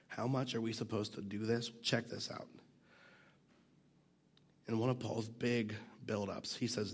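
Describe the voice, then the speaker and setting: A man's voice: fairly low pitch, flat delivery, moderate pace, long pauses, slightly rough. A man teaching a Bible passage in a casual, conversational way, fighting a cough and sometimes dropping to a near whisper. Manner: conversational, self-deprecating, drops to near whisper at times.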